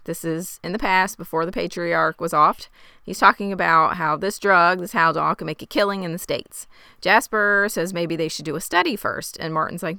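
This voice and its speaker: A woman's voice: fairly low pitch, bright, forceful tone, clean tone, dry recording, clean studio sound. A woman co-hosting a podcast, recapping from her notes in a wry, casual way. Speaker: podcast co-host.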